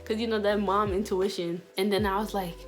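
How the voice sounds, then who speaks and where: A woman's voice: medium pitch, fairly even intonation, a little fast, faint music behind. A young woman vlogger telling a personal story in a casual, slangy way, full of fillers. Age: young adult. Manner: chatty, slangy, many fillers.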